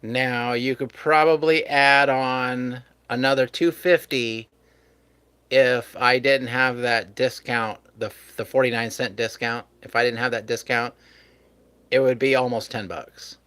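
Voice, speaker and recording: A man's voice: mid-range voice, steady tone, measured pace, bright, forceful tone, smooth, dry recording. A man hosting a live stream, chatting casually with his viewers and chuckling often. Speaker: livestream host.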